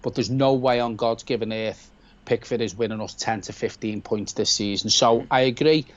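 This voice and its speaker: Co-hosting a live football watch-along, a Scouse man reads out viewer comments and answers them bluntly in casual chat. His voice sits at medium pitch and moves at a normal speed, and the audio sounds dull.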